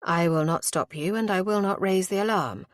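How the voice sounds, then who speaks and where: A woman's voice: medium pitch, moderate pace, no room sound, clean studio sound, lightly acted. A woman voicing a frightened but defiant noblewoman protecting her son, firm and proper, in an audiobook.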